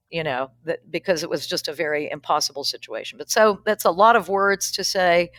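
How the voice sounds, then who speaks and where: A woman's voice: on the low side, fairly bright tone, no echo. Frank, earthy woman telling a story. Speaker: pastor and peacemaker guest. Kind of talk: candid storytelling in conversation.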